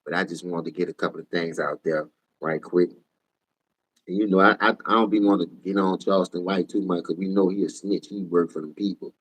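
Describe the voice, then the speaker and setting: A tired man with a New Orleans accent ranting profanely on a casual sports livestream, switching between low mumbles and loud outbursts. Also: steady tone, a little fast, breathy edge. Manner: profane, heated, jumps between mumbling and shouting.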